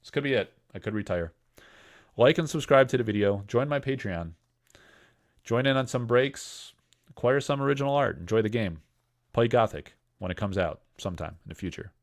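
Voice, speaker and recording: A man's voice: medium pitch, moderate pace. A man hosting a casual livestream, joking and rambling while he reads chat comments aloud. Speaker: livestream host selling card breaks.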